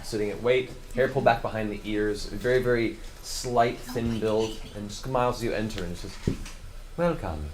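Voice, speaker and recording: A man narrating as game master in a tabletop game, describing scenes vividly and pausing often on "uh". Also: lowish voice. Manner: animated storyteller with frequent "uh" pauses. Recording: noisy live stream recording.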